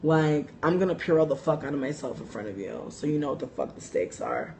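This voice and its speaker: Her voice sits low and she talks fairly quickly, with a little hiss or hum in the audio. She's a young woman hosting a casual livestream, reading viewer comments and telling animated, profane stories laced with "like" and laughter.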